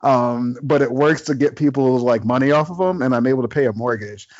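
A man's voice: mid-range voice, a little fast. A man as a podcast guest in casual chat, telling stories and laughing often. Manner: chatty storyteller, laughs often. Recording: slightly dull lo-fi podcast audio.

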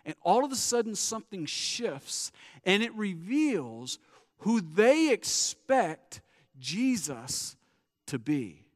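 A man preaching a sermon as pastor, animated, acting out the crowd's voices and dropping low at the ends of phrases. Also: slow pace, in a large hall.

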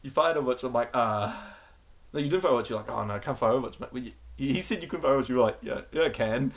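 In a casual chat, a man with a medium-pitched voice talks fast and tells animated stories, swearing freely and laughing a lot.

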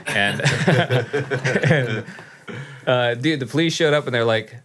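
A man's voice: mid-range voice, slow pace, a crowd in the background. A man casually telling a story among friends, loose and full of swearing. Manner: loose and profane, swears often.

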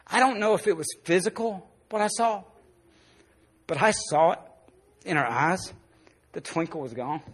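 A male pastor preaching a sermon, telling a personal story and dropping soft and low in the emotional parts. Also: normal speed, pauses often, breathy edge.

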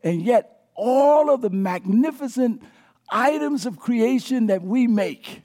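A man preaching a live sermon as pastor, emphatic, calling on the congregation to answer back and swinging between near-shouts and hushed lines. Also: extremely high pitch, lively intonation, slow pace. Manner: engages the congregation with call-and-response prompts.

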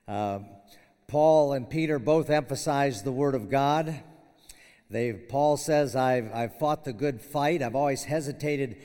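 A man's voice: mid-range voice, a little mellow. An older man, a retiring professor, giving a conversational farewell chapel sermon with frequent fillers and restarts. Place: university chapel hall. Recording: long hall reverb.

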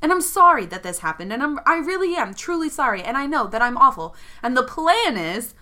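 A woman's voice: high voice, sing-song, a little fast, sharp tone, voice pushed up, heavily acted. Sal, a woman voicing a young fiery leader. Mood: remorseful. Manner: earnest, pleading then confrontational.

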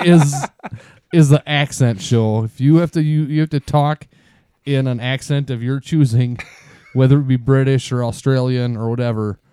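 A man's voice: medium pitch, fairly even intonation, normal speed, mellow, clear, resonant tone, no room sound, studio quality. A man co-hosting a podcast, laying out dares in a laid-back, matter-of-fact way. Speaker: podcast co-host. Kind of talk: casual chat.

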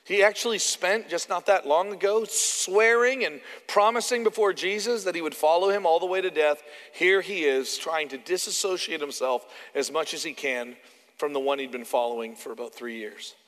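A Canadian-accented man preaching with a fairly high voice in an animated, conversational way. He slips into acting out the quotes he tells. His voice trails off into a long hall reverb. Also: normal speed. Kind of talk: sermon.

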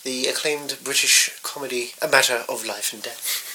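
A man's voice: mid-range voice, fairly even intonation, normal speed, sharp tone, slight background noise, rough recording. A man playing a pompous, officious male radio presenter in improvised comedy, speaking in a prim and stuffy manner. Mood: haughty. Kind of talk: improvised comedy role-play.

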